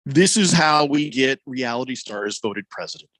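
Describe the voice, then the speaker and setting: A man's voice: medium pitch, animated, normal speed, a bit bright, dry recording, clean studio sound. A male sports radio host trading sarcastic, mock-outraged banter and reading listener messages aloud. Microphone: studio microphone.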